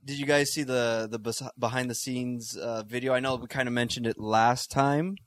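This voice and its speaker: A man's voice: mid-range voice, steady tone, moderate pace, a bit bright, no room sound. A man co-hosting a casual chat, joking and arguing playfully with his friend. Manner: joking, argumentative. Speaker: podcast co-host.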